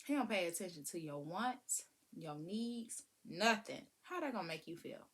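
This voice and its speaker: A woman giving casual, animated parenting advice, breaking into sing-song sounds. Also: lowish voice, normal speed, slightly rough. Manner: animated, preachy, sings and vocalizes to demonstrate. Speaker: parenting vlogger.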